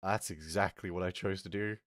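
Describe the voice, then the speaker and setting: A young man telling a story on his stream, swearing a lot and swinging between mutters and yells. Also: low-pitched, fairly even intonation, a little fast, dry recording, clean studio sound. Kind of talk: casual storytelling rant on a live stream.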